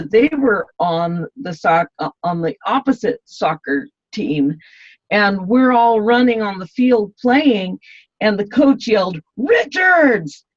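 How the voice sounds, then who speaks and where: A woman's voice: lowish voice, no room sound. A woman guest in an interview, talking in a rambling way with many fillers and restarts. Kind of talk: casual interview talk. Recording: dull, dry lo-fi sound.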